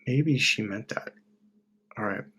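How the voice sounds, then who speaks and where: This middle-aged self-help host talks slowly in a lowish, breathy-edged voice. His monologue is casual and blunt, laced with profanity, and he mimics people in loud, mocking tones when quoting them.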